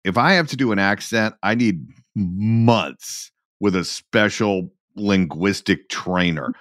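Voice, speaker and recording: Deep-voiced male podcast host. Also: takes it slowly, noisy background. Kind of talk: casual interview chat.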